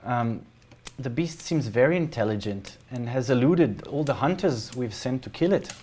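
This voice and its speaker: A man's voice: mid-range voice, expressive, normal speed, a little mellow, close to an everyday voice. A man voicing a friendly, chatty halfling woman who leads her town, with a Scottish accent and a welcoming manner. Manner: chirpy, welcoming.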